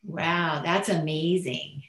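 A woman's voice: low-pitched, slow pace, fairly bright tone. A woman hosting an interview, enthusiastic and affirming toward her guest. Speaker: host. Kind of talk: interview conversation. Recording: roomy echo.

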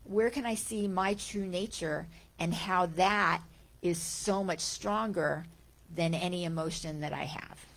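A middle-aged woman giving a gentle, conversational spiritual talk, full of rhetorical questions and small restarts. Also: on the low side, unhurried. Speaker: spiritual teacher. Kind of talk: talk on Vedanta teaching.

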